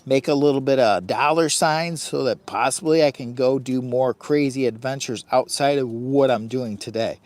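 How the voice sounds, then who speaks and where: A man's voice: mid-range voice, normal speed, few pauses, dry recording. A man hosting a casual outdoor live stream from his campsite, chatting directly with viewers. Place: outdoors by a hot tent, windy campsite.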